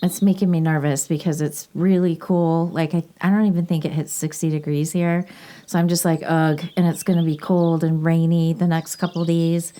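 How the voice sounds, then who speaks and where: A woman's voice: low-pitched, level tone, moderate pace, dark tone, a little hiss or hum. A woman hosting a podcast in casual chat, chatty and laughing often. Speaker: podcast host.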